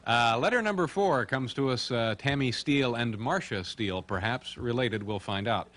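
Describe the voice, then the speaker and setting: A man hosting a late-night talk show, reading viewer mail with wry, deadpan asides. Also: medium pitch, normal speed. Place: television studio with live audience. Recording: studio audience and noise behind.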